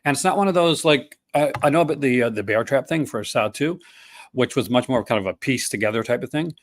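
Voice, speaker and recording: A man's voice: medium pitch, lively intonation, brisk, a little hiss or hum. A man in his fifties hosting a casual chat, rambling with many fillers and restarts. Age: 50s. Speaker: podcast host.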